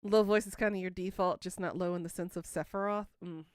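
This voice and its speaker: A woman's voice: lowish voice, steady tone, fairly quick, clean tone, dry recording, studio quality. A woman in her thirties hosting a livestream, chatting casually and teasing her viewers as she answers them. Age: 30s. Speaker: livestream host. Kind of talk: casual chat with live viewers.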